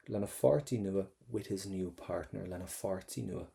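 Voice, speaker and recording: A man's voice: low voice, moderate pace, creaky, mellow. A man with an Irish accent, teaching an exam-prep language lesson in a chatty, joking way, drilling pronunciation.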